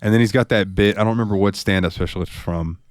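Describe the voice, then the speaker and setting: A man co-hosting a podcast in casual chat, excitable, swearing freely and laughing often. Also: fairly low pitch, quick pace, no echo, clean studio sound. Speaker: podcast co-host.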